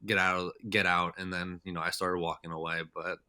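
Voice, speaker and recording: A man's voice: deep voice, flat delivery, a little fast, bright, forceful tone, clean tone, no room sound, clean studio sound. A man, a podcast guest, telling stories in a loose, rambling, casual way. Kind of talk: casual storytelling chat.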